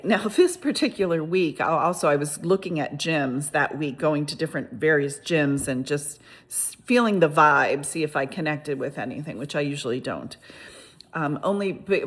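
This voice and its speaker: A woman casually telling a personal story on her vlog. She rambles with frequent restarts and asides and retells events in a lively, exclamatory way. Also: deep voice.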